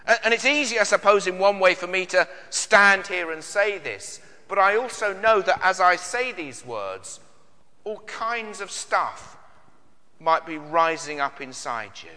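A man's voice: high voice, sing-song, normal speed, pushed and bright, long reverb tail. A British man preaching a sermon in an earnest way, with many searching questions and frequent repeated words. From Britain. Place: church.

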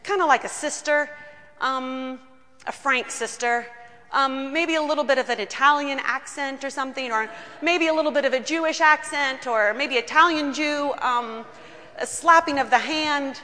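In a church, a woman pastor delivers a sermon threaded with personal stories, speaking with earnest warmth at normal speed. Her bright voice sits a little high, and a long reverb lingers behind her words.

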